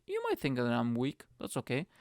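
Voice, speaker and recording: A man hosting his own solo podcast, rambling and excitable, swearing freely as he rants to listeners. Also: mid-range voice, fairly quick, dry recording, clean studio sound. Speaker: podcast host.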